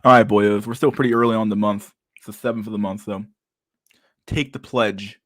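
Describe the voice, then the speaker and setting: Laid-back low-voiced young man. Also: little pitch movement, quick pace, a bit bright. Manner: laid-back, crude, laughing often, mumbling to himself. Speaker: streamer reading chat. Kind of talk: casual livestream chat.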